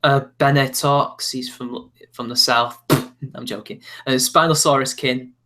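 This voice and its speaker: A man's voice: mid-range voice, fairly even intonation, unhurried, noisy background. A young man from South Manchester with a Mancunian accent, chatting casually as a channel host, laughing often and wandering off topic. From South Manchester, England. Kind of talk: casual chat.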